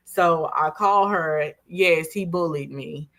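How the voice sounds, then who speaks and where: Woman, forties, interview guest, bright tone, animated storytelling. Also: low voice, takes it slowly. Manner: animated, acts out quoted voices, laughs while telling. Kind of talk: emotional personal storytelling.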